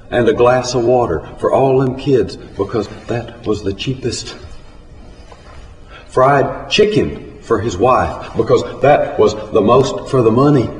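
Slow folksy man telling a story. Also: medium pitch, slight background noise. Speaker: storyteller and poet. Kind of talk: live storytelling and poetry reading. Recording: echoey hall, from far off.

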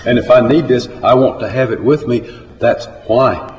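A man doing a gruff, hot-tempered farmer. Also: mid-range voice, normal speed, darkish tone, close to an everyday voice. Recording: echoey hall, faint ambience.

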